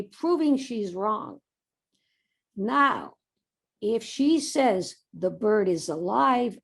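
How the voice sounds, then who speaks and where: A woman's voice: fairly high pitch, creaky, a little mellow, exaggerated voice. A woman voicing a cocky, scheming teenage boy within a story she tells at a commencement. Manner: smug, plotting.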